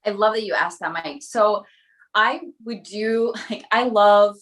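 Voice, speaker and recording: Frank, animated woman in her late thirties. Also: mid-range voice, measured pace. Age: late 30s. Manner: open, frank and animated, laughs often. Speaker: podcast guest. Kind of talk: candid conversational storytelling.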